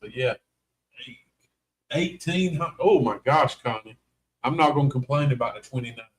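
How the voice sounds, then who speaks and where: A man's voice: mid-range voice, animated, normal speed. Folksy North Carolina man hosting. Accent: Southern US, North Carolina. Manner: chatty, folksy, teasing. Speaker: co-host of paranormal live stream. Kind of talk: casual live stream chat.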